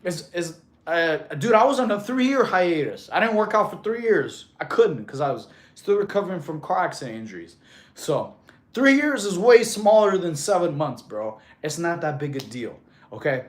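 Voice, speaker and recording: A man's voice: a little high, big pitch swings, normal speed. A man in his thirties, a fitness streamer, chatting casually and reading viewer messages aloud in a laid-back way, calling people bro. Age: 30s.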